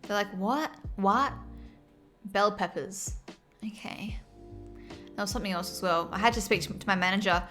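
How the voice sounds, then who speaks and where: Australian woman, casual stream chat, mid-pitched, soft music underneath. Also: steady tone, fairly quick. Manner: chatty, laughing, reads chat aloud.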